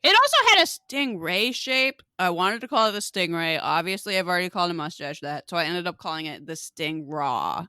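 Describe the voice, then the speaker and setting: Female podcast co-host, lower voice, crisp and bright, wry comic timing, dry close sound. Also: a little fast, few pauses, no echo. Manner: wry jokey quips, lively delivery. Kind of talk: casual chat.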